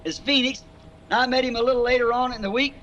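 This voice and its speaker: High, bright-voiced folksy preacher. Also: male voice, steady tone, fast, lo-fi sound, a little hiss or hum. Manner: chuckling, rambling anecdotal delivery. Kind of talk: folksy sermon storytelling. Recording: 1964 sermon recording.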